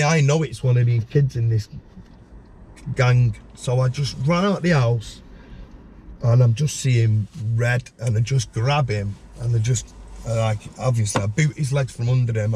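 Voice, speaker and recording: A man talks through a gritty tale as a podcast guest. His voice sits mellow and dark, and he flicks sharply upward when he plays out other people's words. A faint hiss runs underneath. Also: normal speed. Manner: animated storyteller, acts out voices with sudden high pitch. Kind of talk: storytelling in a podcast interview.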